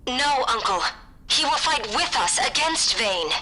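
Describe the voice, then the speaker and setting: A man's voice: very high-pitched, animated, a little slow, bright, forceful tone, full character voice, poor audio. A performer voicing an earnest, brave young boy lord who speaks with urgent resolve.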